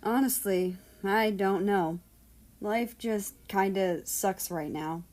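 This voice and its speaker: A woman reading as a glum young man who rambles on in a self-deprecating way. The voice is slow and drawn out, in an audiobook character read. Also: mid-range voice, darkish tone, lightly acted.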